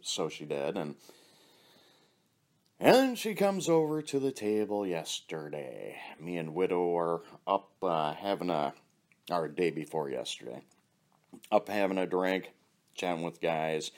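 Speaking a little slowly in a very deep, low voice, this man rambles through casual stories as if talking to a friend. He's relaxed and offhand, cursing freely and laughing at his own jokes.

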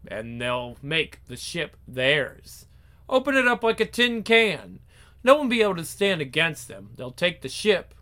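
A man's voice: on the high side, a bit bright. A man voicing a scheming, resentful young male villain who taunts his sister in a story. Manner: sneering, taunting, drawn-out delivery.

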